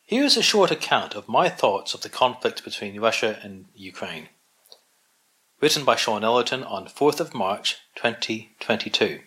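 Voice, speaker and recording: A man's voice: lowish voice, very animated, moderate pace, pushed and bright. A man hosting his own collection, reading an opinion essay aloud with wry, sardonic asides and the odd stumble over a word. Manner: occasional stumbles over words.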